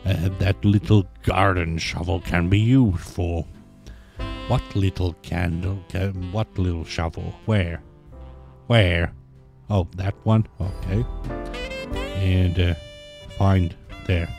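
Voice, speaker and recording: A man's voice: deep voice, fairly even intonation, slow, vocal fry, long pauses, over music. A man giving casual let's play commentary on a hidden-object game, grumbling sarcastically and swearing often.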